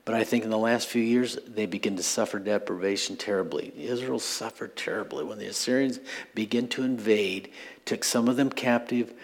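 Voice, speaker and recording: Husky-voiced pastor preaching conversationally. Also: male voice, fairly low pitch, steady tone, normal speed. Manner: conversational preaching with asides and chuckles. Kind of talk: sermon.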